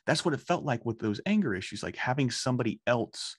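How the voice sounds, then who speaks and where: A man in his thirties, a guest gushing about a cartoon in casual chat, excitable and close to tears, swearing freely. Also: medium pitch, fast, husky, dry recording. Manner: emotional, swearing, excitable storytelling. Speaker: guest, fan of the show.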